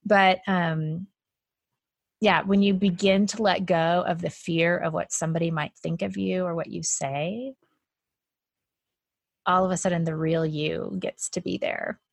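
A woman's voice: lowish voice, steady tone, unhurried, vocal fry, no echo. A woman in casual conversation, talking freely and laughing often, with a lot of "like" in her speech. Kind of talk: casual chat.

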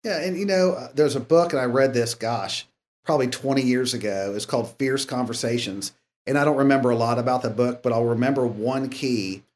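A man's voice: medium pitch, fairly quick. A man who is a guest on a podcast, telling stories casually and acting out the dialogue. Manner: animated storyteller acting out dialogue. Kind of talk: casual interview storytelling.

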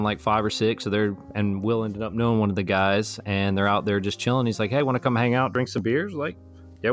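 A young man casually telling a long story to friends, rambling and animated as he acts out what his friends said. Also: lowish voice. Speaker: storyteller in a truth-or-lie game. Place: Florida.

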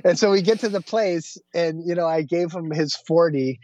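A man who teaches Vedanta, a guest telling a personal anecdote. He tells it lively, acting out the quoted voices and often restarting his sentences. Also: a little high, normal speed, no echo, highs cut off.

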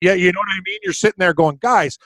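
A man co-hosting a podcast, chatting in a rambling, animated way. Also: high-pitched, rapid-fire, no room sound. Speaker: co-host. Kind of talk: casual chat.

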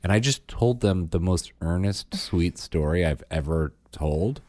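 A man chatting casually as a podcast co-host and parent, telling animated stories about his kids, acting out their voices and laughing often. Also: low voice, unhurried, no room sound. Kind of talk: casual chat.

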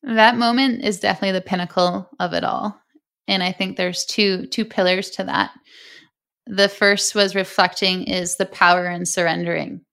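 A woman's voice: mid-range voice, steady tone, normal speed, creaky, fairly bright tone, smooth. A young adult woman, a breathwork coach, telling a personal story earnestly in an interview.

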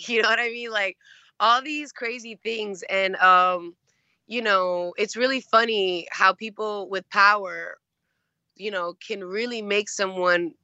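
A woman's voice: medium pitch, sharp tone, dry recording, dull audio. A woman being interviewed as an actress, telling stories in a chatty way with lots of fillers. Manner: chatty, many fillers, acts out quoted voices. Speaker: actress guest. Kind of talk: casual interview storytelling.

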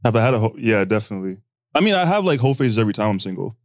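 A man in casual podcast chat as a guest, talking loosely with lots of fillers and quick laughs. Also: on the low side, very animated, no room sound, clean studio sound. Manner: hesitant, filler-heavy, laughing.

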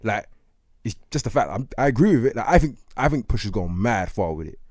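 Lower-voiced, insistent man. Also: very animated, brisk, a little mellow, dry recording, studio quality. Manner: firm, insistent. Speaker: podcast co-host. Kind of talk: casual group chat.

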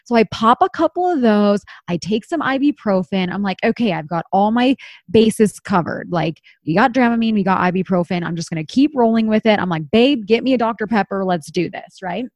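Animated woman telling a wild story. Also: mid-range voice, a little fast, no room sound, clean studio sound. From Utah. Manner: animated, lots of "like", acts out quotes. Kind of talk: casual storytelling.

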